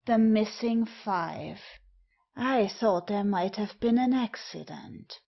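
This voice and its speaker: A woman's voice: medium pitch, lively intonation, slow, vocal fry, full character voice. A woman reading the part of a suave, mocking male cardsharp, sly and teasing. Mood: smug. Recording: dull lo-fi recording.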